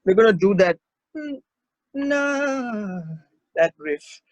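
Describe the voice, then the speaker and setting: Slow-talking male vocal coach on a call. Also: sits high, dry recording, muffled recording. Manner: relaxed, halting explanations with sung examples. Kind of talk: vocal workshop demonstration. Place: online video call.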